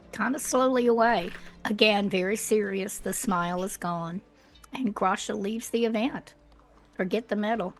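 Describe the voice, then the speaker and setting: A woman describing her character's actions in a tabletop game, deliberate and careful. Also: medium pitch. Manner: deliberate, clears throat often. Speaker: player.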